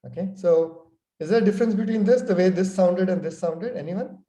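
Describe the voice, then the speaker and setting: Guy running a sales workshop on a call, dark mellow voice, roomy echo. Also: sits high, fairly quick. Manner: conversational, frequent "okay" and "you know". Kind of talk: online workshop teaching. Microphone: video call. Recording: echoey room.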